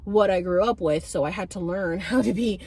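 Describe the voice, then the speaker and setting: A woman in her thirties telling stories to camera in a chatty, animated way, swearing now and then. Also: mid-range voice, fairly quick, husky. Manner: chatty, animated, swears freely, many fillers. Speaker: vlogger. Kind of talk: casual storytelling to camera.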